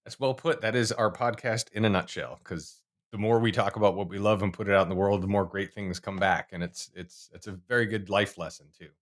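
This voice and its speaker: A man's voice: fairly low pitch, fairly even intonation, brisk. A man hosting a podcast, chatting casually with a guest and laughing along. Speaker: podcast host. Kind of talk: casual interview chat.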